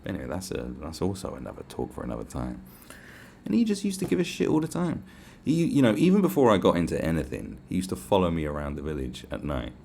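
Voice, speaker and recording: A creaky voice that sits low and moves at a quick pace, with a little hiss or hum in the background, belongs to a young English podcast host. He tells stories as a casual, swearing rant, animatedly acting out quotes at raised volume.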